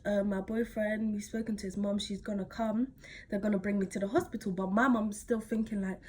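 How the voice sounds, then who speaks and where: A woman's voice: medium pitch, steady tone, a little fast, darkish tone, slight background noise. A teenage woman, telling a personal story casually to camera, rambling with lots of fillers and slang. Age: teens. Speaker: vlogger.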